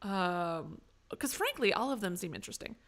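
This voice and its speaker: Chatty swearing woman streamer, gravelly. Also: medium pitch, very animated, moderate pace, fairly bright tone. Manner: chatty, swearing, reacting to chat. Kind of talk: casual gameplay live stream.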